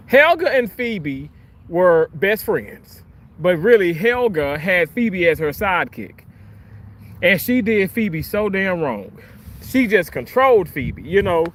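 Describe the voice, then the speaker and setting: Profane, high-voiced man ranting. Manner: profane, heated, repetitive. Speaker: livestream host. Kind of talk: angry livestream rant.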